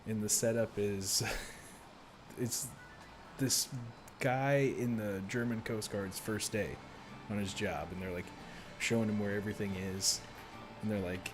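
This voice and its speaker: Low-voiced rambling streamer guy. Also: fairly even intonation, moderate pace, music in the background. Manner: rambling, laughs often. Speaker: game streamer. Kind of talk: casual live-stream chat.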